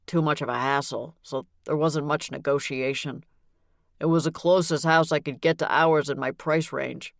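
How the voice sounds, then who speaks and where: A woman's voice: low voice, fairly even intonation, normal speed, vocal fry, no room sound, studio quality. A woman voicing a tearful, guilt-ridden older man who talks in a shaky, pleading way. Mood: remorseful.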